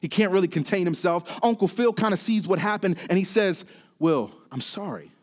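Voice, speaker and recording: A man preaching a sermon, often dropping quiet and then building to emphatic, repeated calls. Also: high voice, a little fast. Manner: swings from quiet to rising, emphatic repetition. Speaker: pastor.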